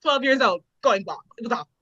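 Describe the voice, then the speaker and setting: A young adult woman hosting a casual talk, telling stories in an animated, expressive way. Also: on the high side, brisk, dry recording, highs cut off. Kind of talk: casual chat.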